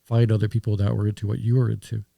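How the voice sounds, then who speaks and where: A man's voice: lowish voice, little pitch movement, racing, gravelly, mellow, no echo. A man talking as a podcast guest in casual conversation, reflective and rambling with restarts.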